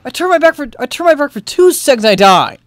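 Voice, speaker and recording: Exasperated gamer yelling and muttering. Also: sing-song, quick pace, no room sound. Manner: frustrated, swearing and yelling at the game; swings between loud outbursts and low muttering. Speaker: video game player. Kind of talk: live gameplay commentary.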